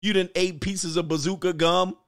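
Guy ranting on his channel, kinda higher voice, tells stories and acts out everybody in them. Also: normal speed. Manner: animated storytelling, acts out voices, laughs often. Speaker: host. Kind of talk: casual commentary rant.

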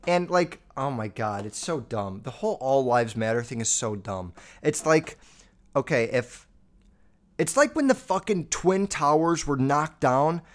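A man's voice: mid-range voice, animated, measured pace. A man hosting a podcast, ranting casually and bluntly, with heavy swearing and lots of fillers. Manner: profane, blunt, rambling with many fillers. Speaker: podcast host.

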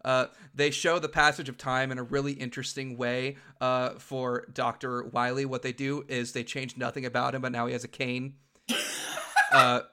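A man's voice: medium pitch, flat delivery, moderate pace, pushed and bright, smooth. A man co-hosting a casual chat, laughing often and repeating words as he talks. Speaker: podcast co-host.

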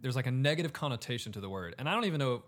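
A podcast co-host with a medium-pitched, slightly bright voice chats casually about a scripture passage. He talks rapid-fire with lively intonation, thinking out loud and saying "like" a lot.

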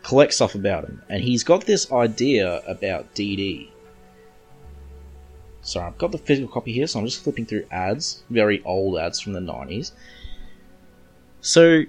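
A man's voice: on the low side, sing-song, normal speed, pauses often, a little mellow, husky, soft background music. An Australian man casually recapping and reviewing a comic book issue in a chatty, rambling way. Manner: chatty, rambling, reads comic lines aloud.

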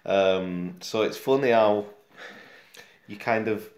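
A Yorkshire man co-hosting a relaxed comics chat. He talks in a lowish voice, trailing off with fillers as he thinks. The room echoes around him. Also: slow pace. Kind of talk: casual chat about comics. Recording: roomy echo.

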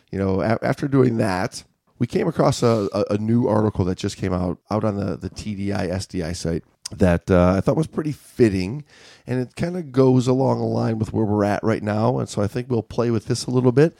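A man's voice: on the low side, moderate pace, gravelly, warm tone, no echo, clean studio sound. A man co-hosting a diving podcast in casual chat, rambling with many restarts. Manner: rambling, restarts and filler-heavy. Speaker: podcast co-host.

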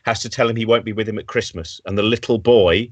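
A man's voice: fairly low pitch, fairly even intonation, fast, a little hiss or hum. A man hosting a casual chat over a video call from home, rambling and enthusiastic. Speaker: host.

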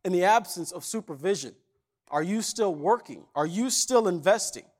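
Man preaching, high voice, conversational sermon, acts out the characters. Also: lively intonation, moderate pace. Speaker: pastor. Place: church.

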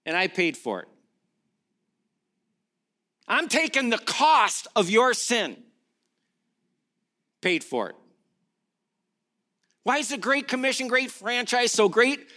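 A middle-aged male pastor preaching a sermon in a fairly high voice with a bright, forceful edge. He takes his time and lets each point land. His delivery is emphatic, full of rhetorical questions and repeated key phrases.

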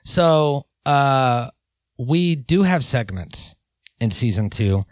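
A man's voice: medium pitch, animated, slow pace, no room sound. A man in his thirties co-hosting a casual comedic podcast, playful and hesitant with lots of fillers. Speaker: podcast co-host.

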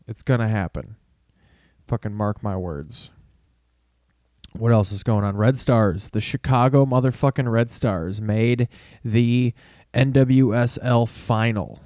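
A man's voice: fairly low pitch, darkish tone, dry recording, clean studio sound. Swearing man rambling on a podcast. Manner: rambling, heavy casual swearing. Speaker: podcast host. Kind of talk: casual sports podcast monologue.

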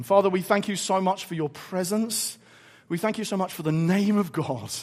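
A man preaching a sermon, telling a story in an animated, emphatic way before closing in prayer. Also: sits high, moderate pace.

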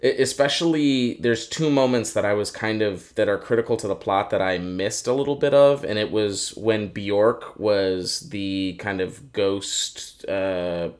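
Low-voiced man gushing about a film. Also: measured pace, hardly any pauses. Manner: excited, profane, rambling with restarts. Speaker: podcast co-host. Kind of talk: casual film review chat.

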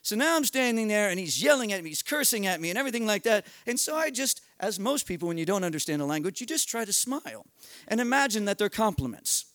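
A middle-aged American man telling a comic story at a live storytelling night, animated, profane and self-mocking, building tension with quick run-on narration. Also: high-pitched, no room sound, clean studio sound. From United States. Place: live storytelling event at a bar.

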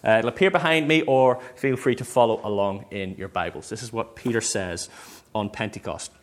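A man preaching a sermon in a chatty, animated storytelling way, with plenty of fillers and restarts. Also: on the low side, normal speed.

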